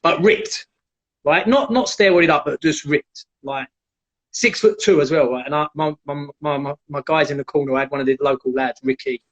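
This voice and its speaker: Guest storyteller: man, lively, slightly high voice, muffled live-stream sound. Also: normal speed. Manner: animated, acts out quoted voices. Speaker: guest, jiu-jitsu black belt. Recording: dull lo-fi live stream audio.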